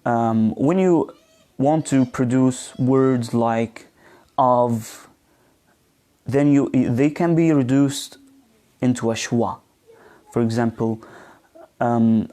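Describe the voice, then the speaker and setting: Speaking at a medium pitch with a mellow quality, a man leads a live online class on pronunciation. His delivery is slow and halting, full of fillers, as he models words and asks his students questions.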